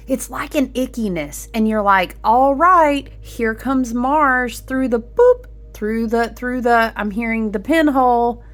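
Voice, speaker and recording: A woman's voice: medium pitch, fairly bright tone. A woman giving a casual spiritual tarot reading to her viewers. She talks in a chatty, rambling way, with lots of fillers and asides to "y'all". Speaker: tarot reader.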